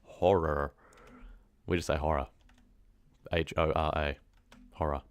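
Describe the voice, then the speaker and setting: A man's voice: extremely low pitch, flat delivery, moderate pace, clean tone, dry recording. A young man with a New Zealand accent chatting casually with his livestream viewers, rambling and often trailing off mid-thought. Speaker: horror story narrator chatting on a livestream.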